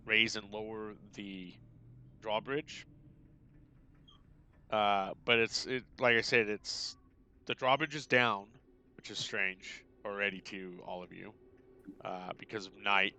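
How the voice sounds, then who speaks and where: A man's voice: on the low side, sharp tone, a little hiss or hum. A man running a tabletop game as game master, describing the scene with many ums and restarts. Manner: hesitant, many fillers and restarts.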